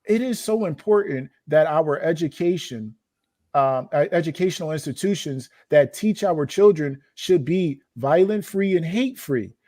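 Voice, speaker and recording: A man's voice: fairly high pitch, lively intonation, moderate pace, warm tone, no echo, studio quality. A man hosting a commentary show, reading quoted passages aloud and then commenting on them emphatically with rhetorical questions. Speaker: host reacting to documents.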